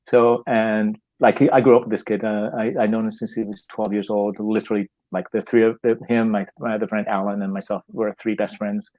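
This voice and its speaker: A man's voice: on the low side, fairly quick, hardly any pauses. A middle-aged man from Canada, a playwright and actor, telling an anecdote casually with laughs and frequent restarts. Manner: animated, laughing, acting out quotes, many restarts.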